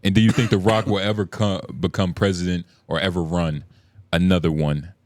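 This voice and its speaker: A man's voice: low-pitched, little pitch movement, fairly quick, dry recording. A man co-hosting a podcast, talking in rambling, profane casual banter. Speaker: podcast co-host. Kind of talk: casual chat.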